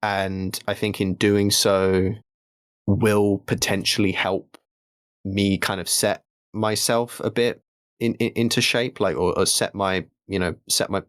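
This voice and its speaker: Hesitant low-voiced man. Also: no room sound, clean studio sound. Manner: halting, hesitant, many restarts. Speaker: podcast co-host. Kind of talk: casual chat.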